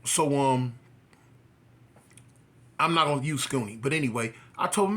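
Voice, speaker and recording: A man's voice: moderate pace, long pauses. A man from California, a former prisoner, telling his story in a casual way and acting out the dialogue. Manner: animated, acts out dialogue with rising pitch.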